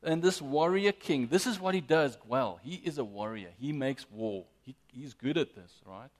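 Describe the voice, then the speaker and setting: A man preaching a sermon as pastor, emphatic and lively, often addressing the congregation directly. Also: medium pitch, moderate pace. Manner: lively, emphatic preaching with frequent "guys" and "amen".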